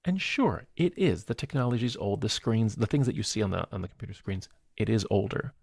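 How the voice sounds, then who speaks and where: A man with a low, gravelly voice talks through a film review in casual podcast chat. He relives scenes with animated energy and laughs easily. The sound is dry and close to the mic. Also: a little fast, dry recording. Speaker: podcast co-host.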